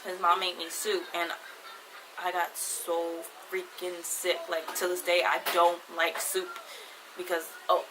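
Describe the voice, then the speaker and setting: A woman's voice: on the low side, completely flat delivery, unhurried. A woman in her twenties, telling a personal story to her viewers in a casual, rambling way, with many fillers. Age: 20s. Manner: chatty, rambling, heavy use of "like". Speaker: vlogger. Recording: noisy background ambience.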